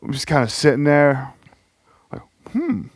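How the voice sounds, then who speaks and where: A man's voice: a little high, very animated, a little slow, no echo. Joking male podcast co-host, dry sound. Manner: joking, laughs often, drops into goofy impressions. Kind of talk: casual chat.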